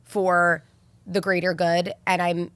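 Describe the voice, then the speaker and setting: A woman's voice: lowish voice, flat delivery, slow, a bit bright, smooth, dry recording. A woman hosting an interview, speaking in an affectionate, effusive and encouraging way. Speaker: podcast host. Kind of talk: sit-down interview conversation.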